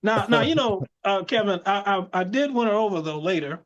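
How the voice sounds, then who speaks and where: A man's voice: high voice, a little fast, highs cut off. A man co-hosting a casual chat show, telling stories with lots of laughter. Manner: storytelling, animated, laughs often. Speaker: podcast co-host.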